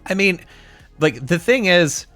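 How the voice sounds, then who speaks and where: Male podcast co-host, animated and opinionated, crude casual banter, bright sharp tone. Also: high voice, takes it slowly, no room sound, soft background music. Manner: profane, animated, argues his point at length. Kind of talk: casual chat.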